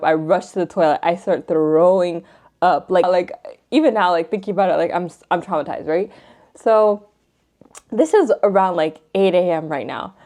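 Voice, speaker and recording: A young woman vlogger telling a personal story in a casual get-ready-with-me video, chatty, emotional and full of fillers. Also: lowish voice. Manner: chatty, filler-heavy, says "like" and "you guys" constantly; emotional and animated retelling.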